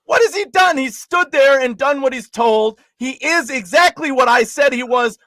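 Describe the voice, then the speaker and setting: A man's voice: very high-pitched, moderate pace, bright, forceful tone, no room sound, clean studio sound. A man co-hosting a casual sports podcast, given to heated, swearing rants. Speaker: podcast co-host.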